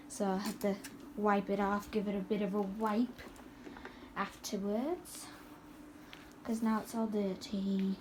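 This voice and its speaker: A woman's voice: medium pitch, level tone, takes it slowly, pauses often, a little mellow, a little hiss or hum. A woman giving a casual home product review, chatty and rambling with lots of fillers, speaking indoors at home.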